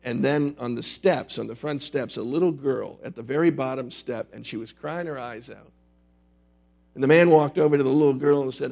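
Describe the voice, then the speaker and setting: Pastor guy giving a sermon, gravelly voice, chatty and punchy, soft music underneath. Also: mid-range voice, normal speed. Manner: conversational, emphatic, wry humor.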